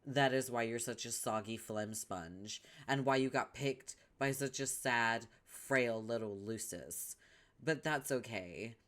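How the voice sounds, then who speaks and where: A man's voice: medium pitch, slow, fairly bright tone. Vriska, a man voicing a sneering bully troll girl. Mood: bossy. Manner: sneering, scolding, domineering. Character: bossy scheming young troll girl, cruel. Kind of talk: comic read-along voice acting.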